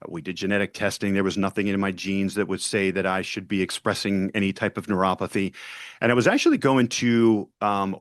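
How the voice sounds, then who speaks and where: Low-voiced man telling his story. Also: no echo, studio quality. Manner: earnest storyteller, acts out dialogue. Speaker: podcast guest. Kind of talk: personal story in an interview.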